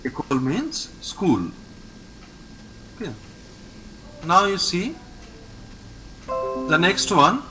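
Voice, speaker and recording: Patient, slow-talking teacher with a lively high voice. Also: male voice, faint music behind, low-quality recording. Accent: Indian English. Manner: patient, repeats each word slowly for the student. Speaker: French teacher. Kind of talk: online language lesson. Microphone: video call.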